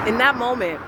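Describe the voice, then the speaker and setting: A man with a fairly high voice tells a personal story of faith with strong feeling. He acts out each quote and swings between hushed and loud delivery. He is recording outdoors, with heavy wind noise behind him. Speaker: vlogger sharing a personal faith testimony.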